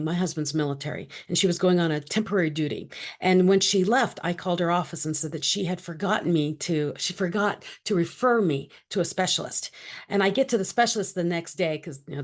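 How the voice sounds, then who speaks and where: Animated middle-aged woman telling a story. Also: fairly low pitch. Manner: animated, acts out quoted dialogue. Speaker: interview guest. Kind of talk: personal storytelling.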